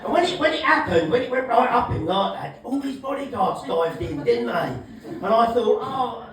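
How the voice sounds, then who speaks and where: Brash sweary comedian, echoey club. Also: male voice, very high-pitched, sing-song, normal speed, far from the mic, crowd noise. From England. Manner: brash, sweary, shouting punchlines. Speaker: stand-up comedian. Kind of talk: stand-up set.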